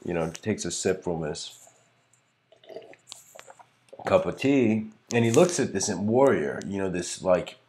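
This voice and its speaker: Rambling low-voiced man lecturing. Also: a little mellow. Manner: rambling, filled with "you know" and "like"; earnest, searching for words. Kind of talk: livestreamed philosophical lecture.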